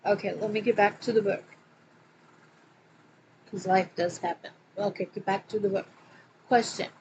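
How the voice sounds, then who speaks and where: A woman with a Southern accent reading a religious book aloud, with hesitant asides and slow, louder scripture quotes. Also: mid-range voice, fairly even intonation, a little hiss or hum, low-quality recording. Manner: hesitant, many fillers, slows and gets louder when quoting scripture. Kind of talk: casual read-aloud with asides. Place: home.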